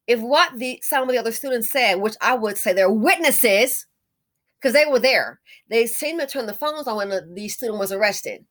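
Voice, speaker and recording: A woman's voice: a little high, moderate pace, a bit bright. A middle-aged woman in casual commentary, indignant and emphatic, repeating her points and calling the listener honey.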